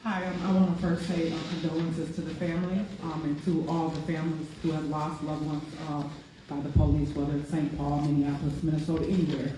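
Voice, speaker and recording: A woman's voice: deep voice, little pitch movement, quick pace. A grieving mother speaking out at a public meeting, impassioned and near tears. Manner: impassioned, insistent, repeating questions. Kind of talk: emotional public testimony. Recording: very echoey hall, mic far off, faint hiss.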